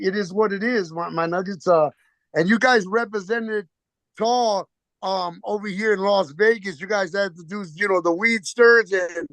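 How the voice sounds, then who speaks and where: A man with a high, gravelly, somewhat bright voice chats casually on a phone video call, rambling through profanity-laden stories in slangy street talk and acting out both sides of the exchange. The recording is dry.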